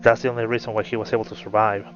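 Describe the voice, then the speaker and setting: A man's voice: fairly low pitch, flat delivery, very fast, lightly acted. A man voicing a female warrior commander who explains earnestly, in a muffled recording with faint music.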